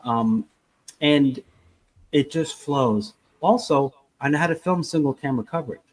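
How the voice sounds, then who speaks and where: A man's voice: fairly high pitch, measured pace, a little mellow, low-quality recording. A man co-hosting a casual podcast who rambles and acts out little scenes as he talks. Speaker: podcast co-host.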